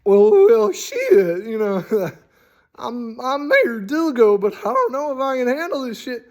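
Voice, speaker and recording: A man's voice: high voice, normal speed, a little mellow, voice pushed up, natural voice. Man doing a folksy kindly town mayor. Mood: nervous.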